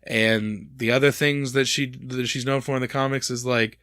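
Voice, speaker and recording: A man co-hosting a podcast, talking in a loose, rambling way full of fillers and false starts. His voice sits at an ordinary middle pitch. The sound is dry and close, with no room echo. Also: fairly even intonation, moderate pace, a bit bright. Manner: rambling, with many fillers and restarts. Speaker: podcast co-host. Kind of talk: casual chat.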